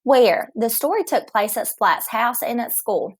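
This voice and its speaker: A woman teacher giving a recorded reading lesson to young children, speaking slowly and clearly and sounding encouraging. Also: on the high side, lively intonation.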